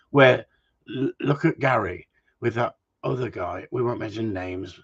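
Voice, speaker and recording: A man who trains gundogs, chatting casually and telling stories in an animated way, swearing freely and often restarting his sentences. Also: medium pitch, normal speed, slightly rough. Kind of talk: casual chat, storytelling. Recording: dull lo-fi recording.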